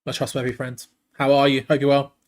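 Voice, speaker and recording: A man hosting a live football watch-along. He calls the play excitedly and breaks off to answer viewers in the chat. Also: mid-range voice, fast. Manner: excitable, chatty, jumps between play-by-play and reading comments. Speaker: watch-along host and commentator.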